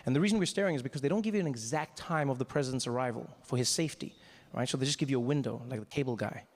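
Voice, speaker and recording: A male stand-up comedian from Africa telling a story in an animated way, his voice climbing into frantic high bursts. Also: rapid-fire.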